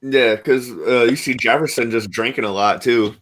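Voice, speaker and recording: Animated man retelling scenes, swearing. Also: medium pitch, moderate pace. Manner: animated storyteller, swears freely. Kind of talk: casual podcast chat.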